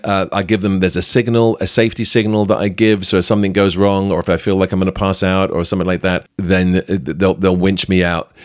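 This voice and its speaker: A middle-aged British man hosting a podcast, chatting lively through a behind-the-scenes anecdote with plenty of fillers. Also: low-pitched, no echo, clean studio sound. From Britain. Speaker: podcast host. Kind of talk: storytelling anecdote.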